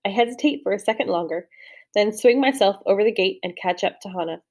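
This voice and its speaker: A young adult woman narrating a first-person novel as an audiobook reader, in a steady storytelling read with the odd slip and restart. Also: medium pitch, fast.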